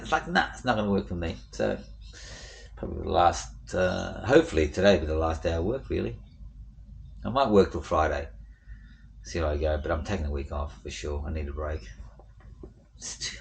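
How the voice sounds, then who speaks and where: A man talking quickly in a loose, rambling vlog rant. He sounds fed up and swears freely, with a faint hum of ambient background behind him. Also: low-pitched, vocal fry. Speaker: vlogger. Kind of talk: casual venting monologue.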